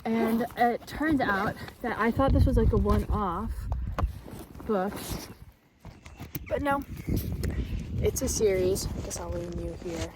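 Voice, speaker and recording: A young woman rambles and jokes at herself in a chatty vlog, a little out of breath as she talks. She records on a handheld phone outdoors in the countryside. Steady noise runs behind her voice. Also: mid-range voice, takes it slowly, long pauses. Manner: rambling, chatty, self-deprecating. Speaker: book vlogger. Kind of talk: casual vlog chat.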